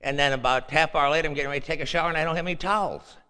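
An older man shares rambling personal stories at a meeting, repeating himself in a folksy way. His voice is bright and forceful, and it rings with a long reverb from the hall. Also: a little high, racing, smooth. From Chicago. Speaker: speaker sharing at a meeting.

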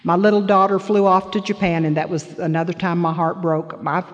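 A woman's voice: lowish voice, little pitch movement, fairly quick, muffled recording. An older woman from the Florida panhandle speaking as a grandmother, telling a personal story to a meeting in an earnest, emotional, plain-spoken way. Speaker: speaker sharing at a recovery meeting. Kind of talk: personal testimony to an audience. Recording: hall reverb.

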